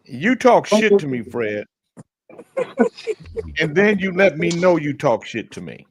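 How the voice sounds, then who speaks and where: A man's voice: on the high side, sing-song, unhurried. A middle-aged man hosting a morning talk show, teasing his co-host and telling crude jokes in casual, profane banter.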